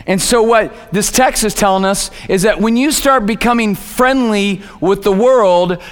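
A man's voice: high voice, fairly bright tone. A man preaching a sermon as pastor, in a conversational way, often repeating words as he goes. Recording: echoey hall.

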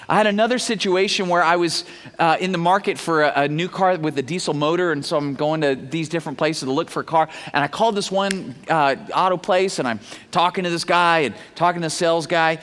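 A man's voice: high voice, sharp tone, long reverb tail. A man preaching a sermon, telling stories in a casual way and acting out the people he quotes. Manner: storytelling, acts out quoted voices, casual slang. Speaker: pastor. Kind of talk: sermon with anecdotes.

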